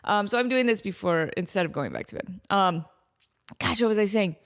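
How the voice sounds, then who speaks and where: A woman in her thirties hosting a casual solo podcast, tired after just waking up, rambling and self-mocking and quick to laugh. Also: medium pitch, animated. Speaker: podcast host.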